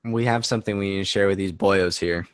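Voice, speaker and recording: A man's voice: deep voice, steady tone, fast talker, clean tone, no echo. Young male co-host, storytelling, jokey, dry close mic. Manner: joking, tells stories animatedly. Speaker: podcast co-host. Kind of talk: casual chat.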